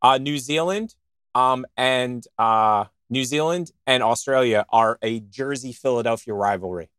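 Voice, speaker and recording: A man in the middle of casual show banter, excitable and jokey, rambling from one thought to the next. His voice sits at an everyday pitch and sounds dry and close, with no room around it. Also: measured pace, clear, resonant tone, no room sound. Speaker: co-host of a podcast show.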